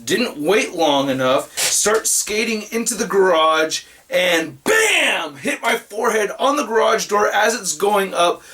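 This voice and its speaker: A young adult man chatting casually to camera about his collectibles room, animated and jokey. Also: high voice, a little slow, hardly any pauses, slight background noise. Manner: animated, jokey, loud greetings. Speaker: vlogger, toy collector.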